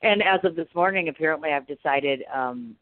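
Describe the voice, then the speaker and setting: A woman's voice: low voice, brisk, no room sound. Rambling woman radio host on a phone line. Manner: rambling, self-deprecating, many restarts. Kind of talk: casual interview chat. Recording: tinny phone line, dry.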